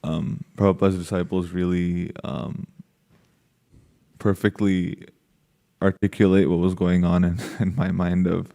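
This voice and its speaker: A man's voice: low-pitched, flat delivery, a little slow, vocal fry, dark tone. A man taking part in a study group, answering a question hesitantly and with many fillers. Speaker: class participant.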